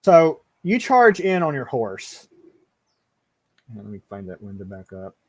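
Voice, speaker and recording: A man acts as game master for a live tabletop session, his speech casual and halting, full of restarts and the occasional curse. His voice sits at an ordinary middle pitch. The sound is close and dry, with no room around it. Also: wildly swooping pitch, dry recording.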